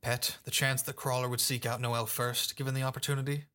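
A man's voice: medium pitch, little pitch movement, fast, sharp tone, close to an everyday voice. A man voicing a cold, calculating adult male crime boss, speaking in curt, commanding sentences. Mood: clipped.

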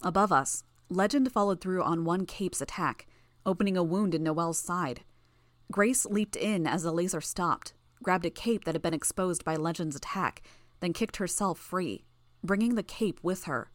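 A woman's voice: fairly low pitch, normal speed, no echo. A woman narrating a story as a reader, lifting her voice for dialogue. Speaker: audiobook narrator. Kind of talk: scripted narration.

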